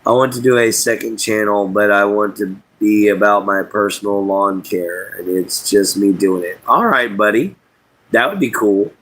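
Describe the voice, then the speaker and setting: A man's voice: fairly low pitch, moderate pace, fairly bright tone, poor audio. A man hosting a casual livestream from inside an RV, talking to his chat in a folksy, drawling way. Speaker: livestream host.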